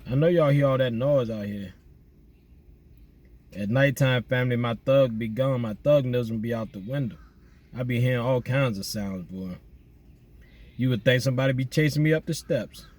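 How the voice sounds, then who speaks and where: A man chatting casually outdoors at night, giving relaxed, slangy shout-outs to his listeners. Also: medium pitch, normal speed, long pauses. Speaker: vlogger doing viewer shout-outs. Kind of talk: casual chat.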